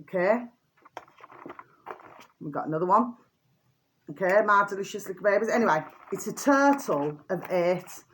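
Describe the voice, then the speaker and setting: A woman's voice: mid-range voice, expressive, moderate pace, long pauses, fairly bright tone, slight background noise. Chatty older woman, doting and rambling. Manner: chatty and doting, with many fillers and repeated pet names. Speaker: vlogger. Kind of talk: casual show-and-tell vlog.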